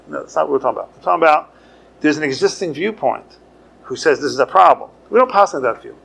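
Gravelly-voiced rabbi teaching a class. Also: male voice, a little high, fast. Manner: conversational teaching, lively with sudden emphasis. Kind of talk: Torah lecture.

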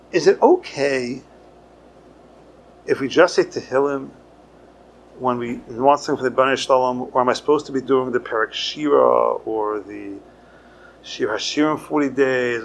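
Gravelly-voiced rabbi teaching a class. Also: male voice, mid-range voice, slight background noise. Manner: conversational teaching, lively with sudden emphasis. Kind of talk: Torah lecture.

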